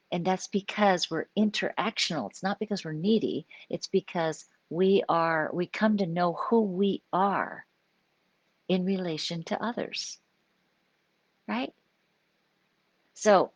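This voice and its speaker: A low-pitched older woman talks through ideas on a home live stream, keeping it conversational and often checking that the listener follows. Her voice is close and dry, with no room sound around it. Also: no room sound. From US Pacific Northwest. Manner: conversational, explaining with frequent "right?" check-ins. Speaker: psychologist hosting a live stream. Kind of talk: informal live-stream talk.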